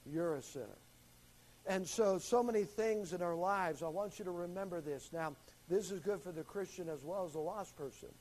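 A middle-aged man teaches from the pulpit in a voice pitched a little high. He reads scripture slowly, stressing certain words and swelling in volume on them. Between readings he talks plainly to his listeners. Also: a little mellow, rough recording. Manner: emphatic, varies volume and slows for stress on scripture. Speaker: pastor teaching a class. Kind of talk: sermon teaching.

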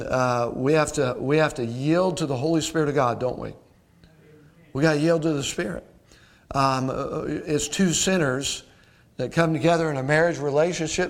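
Male pastor, middle-aged, slightly raised pitch, plainspoken folksy sermon delivery. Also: normal speed. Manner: folksy, direct address to congregation, frequent "uh" and rhetorical questions.

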